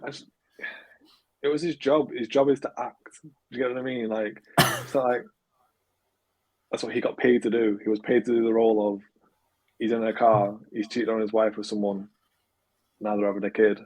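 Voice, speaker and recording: A man's voice: fairly low pitch, flat delivery, moderate pace, long pauses, darkish tone, slight background noise, rough recording. A man on a casual podcast, speaking hesitantly and sounding unimpressed. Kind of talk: casual chat.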